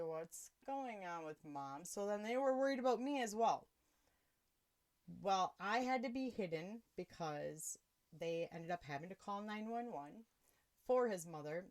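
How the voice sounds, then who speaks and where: A woman hosting a podcast, telling a personal story in a casual, animated way and laughing often. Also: medium pitch. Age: adult with children. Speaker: podcast host.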